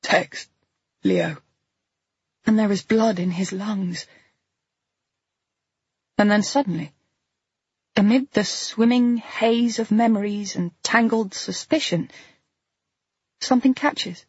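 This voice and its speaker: A woman's voice: mid-range voice, takes it slowly, pauses often, a little mellow, slightly rough, no echo, lo-fi sound. A woman reading a first-person audiobook in a tense, intimate telling. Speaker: audiobook narrator.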